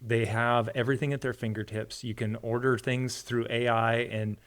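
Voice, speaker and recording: A man's voice: mid-range voice, level tone, moderate pace, a bit bright. Earnest hunter man telling stories. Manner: earnest, storytelling with acted quotes. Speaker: podcast guest; hunter and parent. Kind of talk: casual storytelling conversation.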